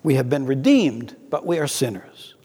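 A man preaching a sermon in an earnest way, slowing down to read scripture aloud. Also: medium pitch, big pitch swings, warm tone, slightly rough, in a large hall.

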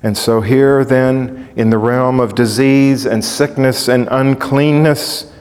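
Man preaching with dramatic rising shouts. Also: mid-range voice, fairly even intonation, takes it slowly. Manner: rising to loud dramatic shouts when quoting cries; asks the congregation rhetorical questions. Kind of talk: sermon. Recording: long hall reverb.

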